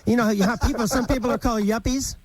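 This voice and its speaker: A man, hosting a live morning radio show in a playful, jokey way with quick laughs. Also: very high voice, steady tone, no echo, rough recording. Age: 50s.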